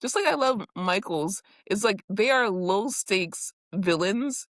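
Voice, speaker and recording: A woman's voice: mid-range voice, lively intonation, slow pace, a bit bright, dry recording, clean studio sound. A woman co-hosting a podcast, recapping a reality show in blunt, profane, casual chat. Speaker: podcast co-host. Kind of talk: casual pop-culture chat.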